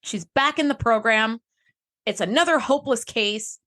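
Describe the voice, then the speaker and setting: A woman co-hosts a podcast recap, chatting casually and acting out characters' lines with animation. Her voice is fairly high and a bit bright, at normal speed.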